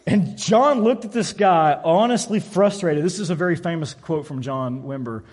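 A man's voice: a little high, moderate pace, darkish tone. A man preaching a sermon in a church, telling a story and acting out the voices of its people. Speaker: pastor.

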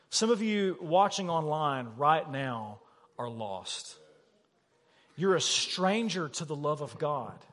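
A man with a high, slightly husky voice preaches an emphatic sermon. He keeps asking his listeners questions. The long reverb of a church hall follows every line. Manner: animated, emphatic, rhetorical questions. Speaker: pastor. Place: church sanctuary.

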